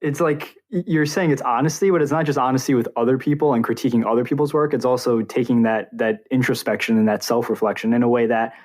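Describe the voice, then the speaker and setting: A man's voice: medium pitch, steady tone, quick pace, few pauses, darkish tone. Reflective male podcast host. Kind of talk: casual interview.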